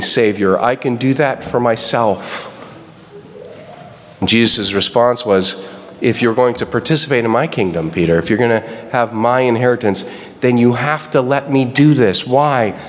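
A man preaching a sermon, animated and acting out the people he quotes in raised voices. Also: mid-range voice. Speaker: pastor. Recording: long reverb of a hall.

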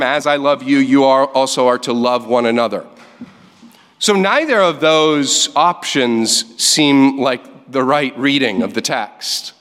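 A man preaching in a church, his voice ringing with a long hall reverb. He reads scripture aloud and then explains it, stressing key words as he goes. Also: mid-range voice. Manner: preaching with lively emphasis, reading scripture aloud. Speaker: pastor. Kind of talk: sermon. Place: church sanctuary.

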